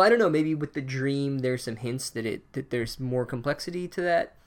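A man giving a casual, sarcastic comedic recap of a book chapter, swearing freely and speaking with a deadpan delivery. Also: medium pitch.

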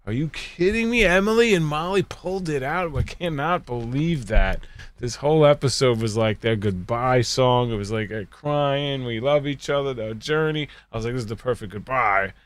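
A man's voice: mid-range voice, normal speed. A man hosting a podcast on a video call, chatting casually and joking around. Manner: lively, animated, joking. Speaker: podcast host. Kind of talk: casual chat.

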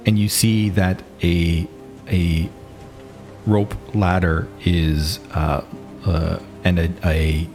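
A man narrating a tabletop game as game master, with many fillers and pauses. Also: deep voice, a little mellow.

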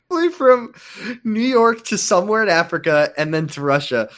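Female podcast co-host, comedic dramatic reader, pitch jumping widely. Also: normal speed. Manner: animated, laughing, theatrical. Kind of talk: comedic dramatic reading of a story.

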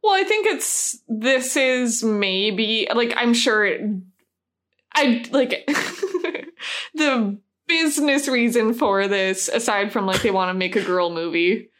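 A woman co-hosting a casual film chat, hesitant and hedging, quick to laugh. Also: fairly high pitch, lively intonation, a bit bright. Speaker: podcast co-host.

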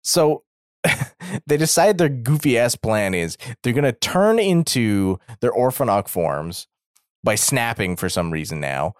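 A man's voice: medium pitch, very animated, a little slow, no room sound, studio quality. A man co-hosting a podcast, casually recapping episodes and acting out the characters' lines with plenty of swearing. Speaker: podcast co-host.

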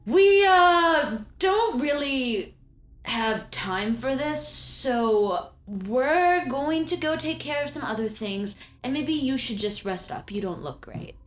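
A woman's voice: high-pitched, expressive, takes it slowly, faint music behind, voice pushed up. A woman putting on a sugary, taunting creature's voice, a little raised and full of fake sympathy. There is roomy echo around it. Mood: mocking. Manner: sweetly taunting. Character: mocking, condescending disguised creature.

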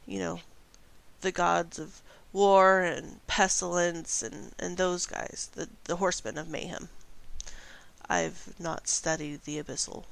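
A woman's voice: fairly low pitch, vocal fry, a bit bright. A woman voicing a mother who studies demons, answering hesitantly and rambling a little. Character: mother, scholar of demons and devils.

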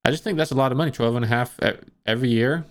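A man co-hosting a sports podcast in a relaxed, hesitant way, with many "uh" and "like" fillers. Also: mid-range voice, racing. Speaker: podcast co-host. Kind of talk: casual sports chat.

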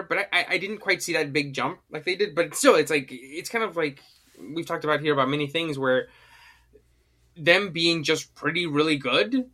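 A man's voice: a little high, sharp tone. A man co-hosting a podcast in casual chat, rambling with restarts and casual swearing. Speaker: podcast co-host.

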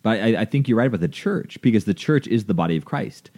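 A man's voice: fairly low pitch, animated, quick pace, a little mellow. A man talking earnestly about faith in a casual conversation, acting out little dialogues as he explains.

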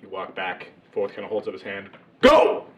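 A man's voice: sits low, little pitch movement, fairly quick. A man narrating as game master of a tabletop game, in a loose, rambling way full of fillers. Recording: distant, echoey, muffled mic.

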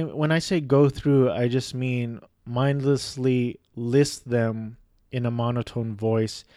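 A young man rambles through a list of video games, unhurried and easygoing, with a mellow, darkish tone. He stumbles and restarts often and pokes fun at himself. The sound is dry and close, with no room around it. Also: medium pitch, no echo. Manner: rambling, self-deprecating, many fillers and restarts. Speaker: video game vlogger. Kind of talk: casual monologue listing games.

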